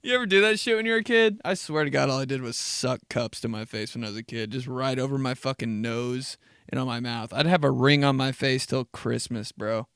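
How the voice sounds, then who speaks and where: A man's voice: mid-range voice, a little fast, fairly bright tone, clear, resonant tone, dry recording, studio quality. A man hosting a casual solo podcast, telling stories in a laid-back, profane way with frequent laughs. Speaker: podcast host.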